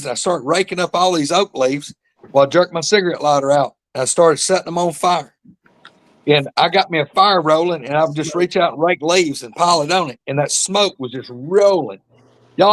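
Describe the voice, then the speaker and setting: A man's voice: on the high side, fairly quick, fairly bright tone, no room sound. A man telling a long rambling story in casual chat, addressing listeners as y'all. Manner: drawling rural storyteller, calls listeners y'all. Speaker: podcast host.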